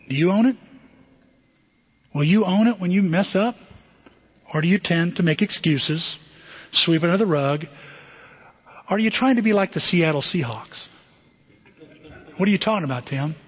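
A high-voiced pastor preaching with a husky edge, acting out the voices in his stories. His sermon is caught on a dull, muffled recording with a long hall reverb behind him. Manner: animated storytelling, acting out quotes.

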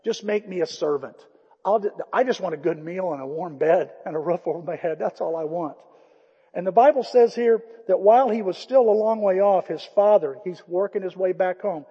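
A man preaching a sermon, retelling a story with lively acted-out dialogue and dropping to a hushed voice for emphasis. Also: sits high, slightly rough. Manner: storytelling, swings from loud animated retelling to hushed quiet emphasis. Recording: muffled, long-reverb hall recording.

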